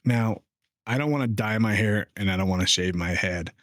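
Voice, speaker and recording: Male podcast co-host, lowish voice, playful loose delivery. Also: moderate pace, no echo, studio quality. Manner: joking, animated, loose. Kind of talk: casual podcast chat.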